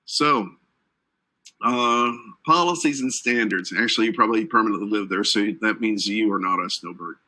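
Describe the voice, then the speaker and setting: Poor audio carries a man's lowish, sharp voice at normal speed. He's a certification exam instructor from Atlanta running a live online training lecture, chatty and cracking jokes with the audience between points.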